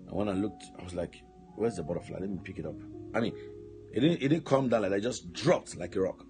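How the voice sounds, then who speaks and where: A man preaching a sermon, telling stories and now and then shouting out commands, with repeated words. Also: on the low side, animated, quick pace, music in the background.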